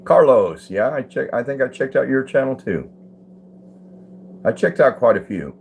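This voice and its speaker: An older man hosts a casual live stream from home, reading comments, greeting viewers by name, and chuckling easily. His medium-pitched, darkish voice is very animated at a normal speed, with vocal fry. A little hiss or hum sits under the recording.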